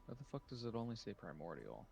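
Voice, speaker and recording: A man's voice: on the low side, fast talker, gravelly. Blunt, cursing male player. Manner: blunt, swears freely, excitable. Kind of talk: casual tabletop game chat.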